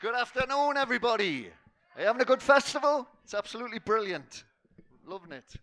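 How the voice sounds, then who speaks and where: A man's voice: very high voice, very animated, fast, a bit bright, slight background noise. A man hosting a spoken word night on a festival stage, rambling through self-mocking jokey banter before a live audience.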